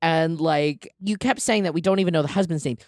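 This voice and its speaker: A podcast guest in casual chat, ranting about a scene in an animated, exasperated way. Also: mid-range voice, brisk, no echo, studio quality.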